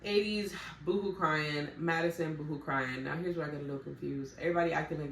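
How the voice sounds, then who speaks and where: A woman's voice: sits low, fairly even intonation, fast talker, few pauses, a bit bright, far from the mic. A woman casually recapping a reality TV show in a chatty, slangy, blunt way. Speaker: TV recap vlogger. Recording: roomy echo, voice off-mic, faint background hum.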